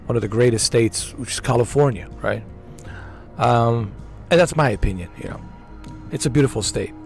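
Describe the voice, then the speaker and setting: A man's voice: mid-range voice, normal speed, creaky, a little mellow, soft background music. A man streaming a game, chatting casually and enthusiastically, repeating himself and dropping slang like "man" and "dude". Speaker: gaming streamer. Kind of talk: casual chat over gameplay.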